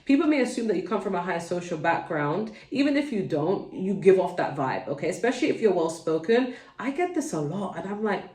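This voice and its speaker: A woman's voice: on the low side, very animated, a little fast, few pauses, a little mellow, far from the mic. Chatty London woman, roomy sound. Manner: chatty, digressive, talks straight to viewers. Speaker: tarot reader. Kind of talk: casual tarot reading to camera. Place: home.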